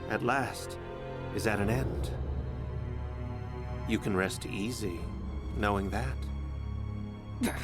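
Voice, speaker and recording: An actor voicing a cold, scheming noble villain with smooth, formal, menacing speech. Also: male voice, lowish voice, natural voice.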